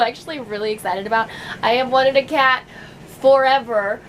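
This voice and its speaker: Young woman rambling to her vlog camera, lots of ums and giggles, kinda high pitched. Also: normal speed, fairly bright tone, a little hiss or hum, poor audio. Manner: rambling, chatty, laughs often, many fillers. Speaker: vlogger. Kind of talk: casual chat to camera.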